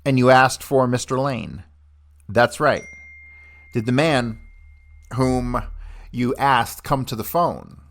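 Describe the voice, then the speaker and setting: A man reading a hearing transcript aloud on a podcast, taking both the questions and the answers in one steady voice. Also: mid-range voice, slow, pauses often. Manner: steady reading voice that plays both questioner and witness without changing voice.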